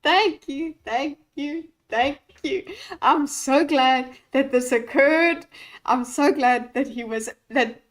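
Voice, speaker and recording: A woman's voice: high-pitched, slow pace, rough recording. A woman streamer giving live reaction commentary on a debate, giddy and laughing through her words, swearing casually.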